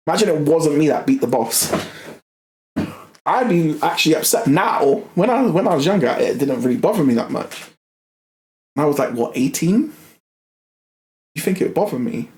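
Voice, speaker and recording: Recorded with a roomy sound, a young man with a medium-pitched voice streams a game and rants casually. He gets animated, curses frequently, stumbles over words, and says things more than once.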